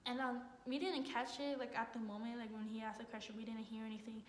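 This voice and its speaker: Young woman rambling through a story, lots of "like", kinda high voice, echoey room w/ a little hiss. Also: fast. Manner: rambling, heavy use of "like", excited retelling. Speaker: college student vlogger. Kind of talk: casual storytelling. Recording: echoey room, faint noise.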